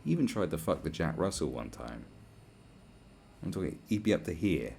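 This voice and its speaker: A man with a very deep, gravelly voice rants alone on his podcast, crude and blunt. His talk rambles and turns sarcastic. A faint hiss of noise sits under the voice. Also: big pitch swings, normal speed, a little mellow. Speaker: podcast host. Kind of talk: profane solo rant.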